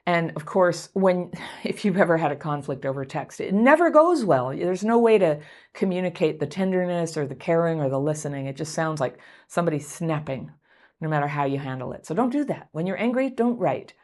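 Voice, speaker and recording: A woman coaching viewers through a self-help talk, speaking in a gentle, encouraging, conversational way and laughing lightly between points. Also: low-pitched, animated, fairly quick. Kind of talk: advice talk to camera.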